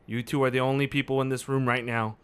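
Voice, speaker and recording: A man's voice: medium pitch, flat delivery, quick pace, fairly bright tone, clear, resonant tone. A man playing a tabletop game, talking in short, clipped sentences and swearing casually. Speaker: player. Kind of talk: casual tabletop play in character.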